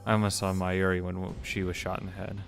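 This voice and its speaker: A man with a low voice reads a visual novel aloud in an even, level tone. He trips over words, restarts them, and drops casual, profane asides between lines. Soft music plays behind him. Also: quick pace, gravelly. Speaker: let's play narrator.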